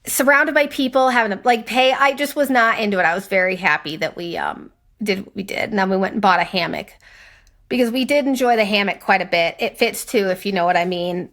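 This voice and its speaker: A young woman co-hosting a podcast, telling a story in casual chat, animated and profane, acting out other people's lines. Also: on the high side. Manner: animated, swearing, acts out quoted voices. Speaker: podcast co-host.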